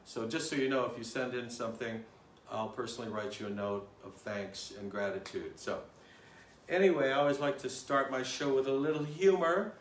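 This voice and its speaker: A man hosting a music live stream, talking in a relaxed, chatty way with many fillers. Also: mid-range voice, normal speed, a little hiss or hum. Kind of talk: casual live-stream chat. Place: home room. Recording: roomy echo, distant mic, guitar behind.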